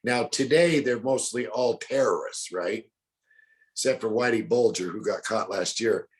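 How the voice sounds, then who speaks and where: A man's voice: lowish voice, measured pace. An older man in his sixties with a drawl, telling folksy stories as an interview guest. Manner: folksy, acts out other people's lines in the stories he tells. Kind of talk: casual storytelling.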